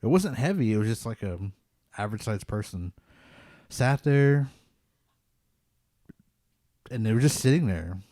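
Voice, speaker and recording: A man's voice: mid-range voice, expressive, measured pace, pauses often, dark tone, dry recording, studio quality. A man hosting a podcast, telling a personal ghost story in a casual, rambling way with many "like" fillers. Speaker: podcast host.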